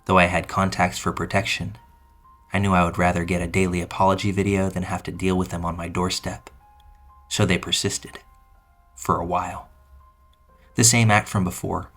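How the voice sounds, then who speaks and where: A man reading a true first-person story aloud in measured, scripted narration. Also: sits low, flat delivery, a bit bright. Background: faint music.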